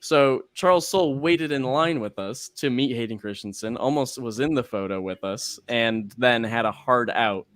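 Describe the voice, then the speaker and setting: Chatty excitable man, dry close sound. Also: medium pitch, normal speed, hardly any pauses, no echo. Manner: excitable storyteller, swears casually. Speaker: co-host. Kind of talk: casual chat.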